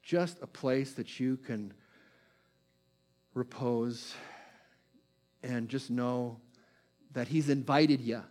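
A man delivering a sermon as a pastor, moving between quick bursts and slow, hushed phrases. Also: mid-range voice, faint music behind.

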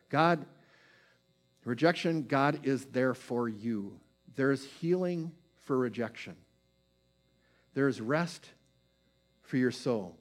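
A man delivering a sermon as a pastor, moving between quick bursts and slow, hushed phrases. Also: a little high, lively intonation, soft background music.

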